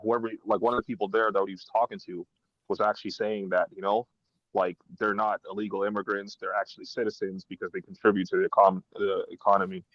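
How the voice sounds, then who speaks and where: A man on a casual chat show talks fast and hesitantly, filling gaps with "like". His voice is low and flat. The sound is slightly dull and lo-fi. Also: no echo. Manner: hesitant, lots of "like".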